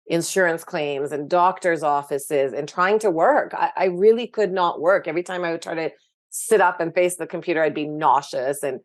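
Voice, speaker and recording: A woman's voice: deep voice, normal speed. A woman, a guest speaking frankly and with animation about her own past, with many fillers. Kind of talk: candid personal story in interview.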